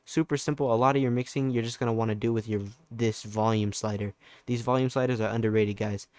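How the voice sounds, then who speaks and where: Young man, casual tutorial, low flat voice, clean dry close mic. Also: quick pace, smooth, dry recording. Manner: laid-back, loose, with fillers and restarts. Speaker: music producer tutor. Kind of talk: casual screen-recorded tutorial.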